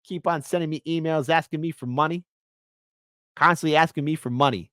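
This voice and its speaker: A woman's voice: sits low, brisk, a bit bright, no echo, studio quality. A woman from Chicago hosting an online commentary show, talking in a mocking, playful way. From Chicago, USA. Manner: mocking, playful, bouncy delivery. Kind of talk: casual commentary stream.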